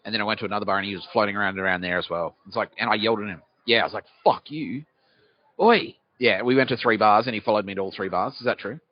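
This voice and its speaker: On a dull lo-fi recording, an Australian podcast host with a fairly low, steady voice delivers a rambling comedic monologue outdoors on a city street. He speaks rapid-fire with few pauses, swears liberally, and asks himself questions before answering them.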